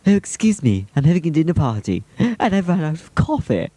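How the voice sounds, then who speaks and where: A man's voice: on the high side, sing-song, a little fast, warm tone, no echo, voice pushed up. A man putting on the voice of a fussy, prim middle-aged housewife playing hostess, with an affected way of talking.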